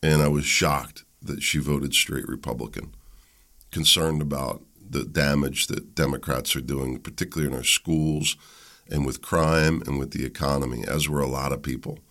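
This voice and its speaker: This political talk show host speaks in a rumbling low register at a moderate pace. His monologue is opinionated and blunt, delivered animatedly with mock voices and frequent restarts.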